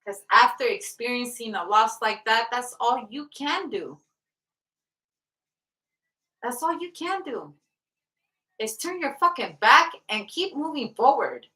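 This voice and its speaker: A woman's voice: a little high, expressive, slow, long pauses, sharp tone. A woman giving a casual tarot reading, blunt and profane, often breaking into laughter. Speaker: tarot reader. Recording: roomy sound from off the mic.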